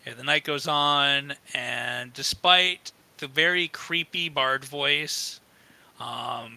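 Gravelly, bright-voiced game master man. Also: mid-range voice. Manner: easygoing, with hesitant fillers. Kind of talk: narrating a tabletop game.

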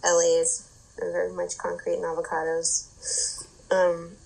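A woman's voice: on the low side, completely flat delivery, unhurried, vocal fry, darkish tone, low-quality recording. A woman hosting a podcast, who chats casually and rambles through a story while filling it with "like" and "um". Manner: rambling, filler-heavy storytelling. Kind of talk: casual chat.

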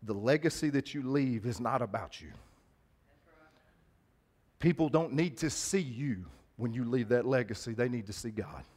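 A man's voice: medium pitch, moderate pace, darkish tone. A man pastor preaching a sermon in a church, conversational, calling out to the congregation.

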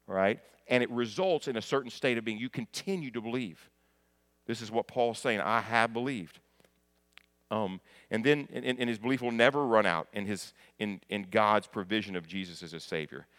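A middle-aged male pastor preaching a conversational sermon, moving between quiet explanation and loud, emphatic passages. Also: medium pitch.

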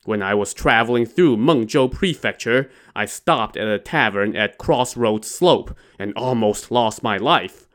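A man's voice: lowish voice, measured pace, fairly bright tone. A man casually retelling a classic adventure novel, dropping in wry, irreverent asides. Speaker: storyteller.

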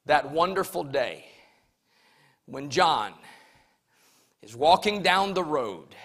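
High, bright-voiced preacher man shouting. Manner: rhythmic, emphatic preaching that swings from hushed to shouting. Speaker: pastor. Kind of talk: sermon.

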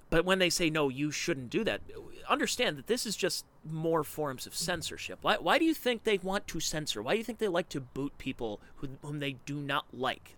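A man's voice: medium pitch, sharp tone. A man giving sarcastic, ranting opinion commentary.

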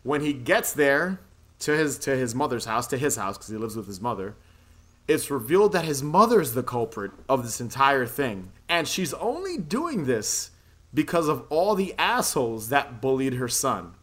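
A man's voice: medium pitch, sing-song, normal speed, fairly bright tone. A man casually recapping a movie plot in a podcast chat, rambling, swearing freely and laughing often. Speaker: podcast co-host.

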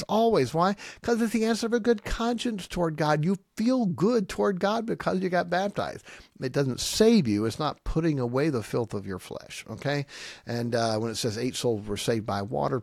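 A man's voice: mid-range voice, vocal fry, darkish tone, dry recording, studio quality. A man preaching a teaching sermon, explaining plainly with many fillers and asides, and rising sharply when he stresses a point. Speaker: Baptist pastor.

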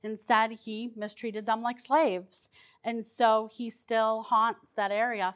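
A woman's voice: on the high side, flat delivery, takes it slowly. A woman paranormal investigator telling her stories in a chatty, rambling way, with restarts and fillers. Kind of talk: casual storytelling.

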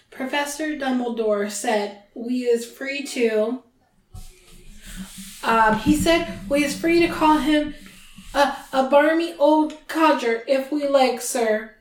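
A woman's voice: high-pitched, takes it slowly, pitched above the performer's own voice. A woman reading a timid, devoted male house elf. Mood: earnest. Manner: earnest, formal servant's speech. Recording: roomy echo.

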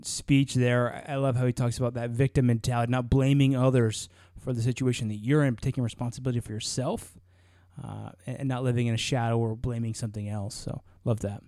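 A man co-hosts a podcast, rambling keenly through a chat. His tone is warm and mellow. The sound is dry and close. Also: medium pitch, flat delivery, fast talker, dry recording. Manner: rambling, many fillers and restarts, enthusiastic. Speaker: podcast co-host. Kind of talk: casual chat.

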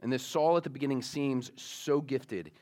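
A man's voice: mid-range voice, moderate pace, a little mellow. A male pastor preaching a sermon in a casual storytelling way, with many fillers, speaking to young listeners.

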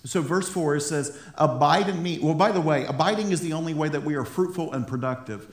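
A man preaching a sermon in a church, fired up and stumbling over his words in quick restarts. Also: fairly high pitch. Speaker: pastor. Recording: roomy echo in a church.

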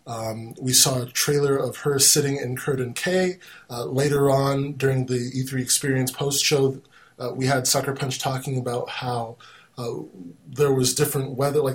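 A man at a mid-range pitch hosts a relaxed gaming podcast. He is chatty, moves the talk along briskly and reads out news items between questions for his co-hosts. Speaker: podcast host. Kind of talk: casual gaming podcast chat.

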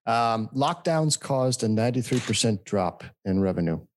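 A man from the United States in casual chat, telling animated stories and mimicking voices. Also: medium pitch, normal speed, slight background noise.

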